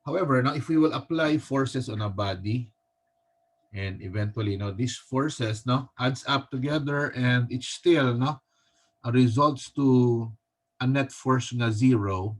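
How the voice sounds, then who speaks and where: A male teacher with a Filipino accent giving a recorded physics lecture, halting often and tagging his sentences with a questioning "no?". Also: medium pitch. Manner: halting, with frequent restarts.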